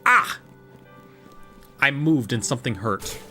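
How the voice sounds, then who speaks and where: A man streaming a game, chatting casually and joking in quick, rambling asides to his viewers. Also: mid-range voice, animated, sharp tone, soft background music. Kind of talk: casual livestream chat while gaming.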